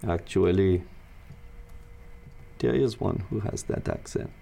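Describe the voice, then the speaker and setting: A man serving as game master, narrating a tabletop game and voicing its characters in a measured, deliberate way. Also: low-pitched, vocal fry, warm tone, slight background noise.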